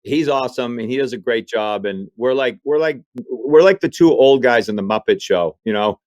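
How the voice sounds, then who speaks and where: A man from Maine telling comic stories in a relaxed podcast chat. His voice sits at an everyday pitch, and he jumps in and out of quoted voices. The sound is dry and close to the mic. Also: moderate pace, no echo, dull audio. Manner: animated storyteller acting out quoted voices. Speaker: comedian guest. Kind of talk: storytelling interview chat.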